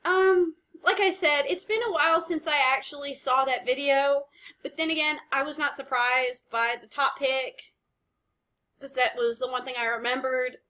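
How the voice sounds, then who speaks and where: A woman hosting an anime reaction video, chatting casually and rambling as she pauses to comment. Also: high-pitched, fairly even intonation, sharp tone.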